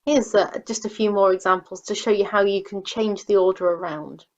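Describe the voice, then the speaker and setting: A woman's voice: medium pitch, steady tone, normal speed, muffled recording. A woman teacher explaining sentence structure in a recorded grammar lesson, patiently reading example sentences aloud. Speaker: English teacher.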